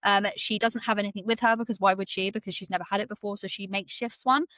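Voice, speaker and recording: A woman's voice: mid-range voice, fast talker, no room sound. Chatty woman retelling a book. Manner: animated retelling, acts out quotes, many fillers. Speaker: book podcast host. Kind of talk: casual book recap chat.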